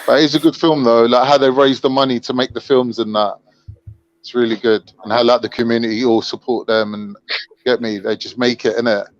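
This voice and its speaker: A man's voice: medium pitch, fairly even intonation. Chatty man on muffled audio. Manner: chatty, quick, laughs while telling. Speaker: podcast co-host. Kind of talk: casual chat.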